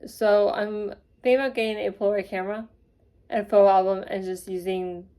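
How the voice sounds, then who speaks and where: In a casual vlog, a young woman with a mid-range voice tells a rambling, gushing story. She is excitable and quick to get carried away.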